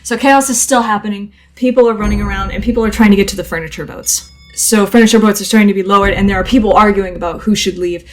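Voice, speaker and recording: A woman narrating a tabletop role-playing game as game master, quick and loose with fillers. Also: mid-range voice, slight background noise. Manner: quick, filler-heavy storytelling.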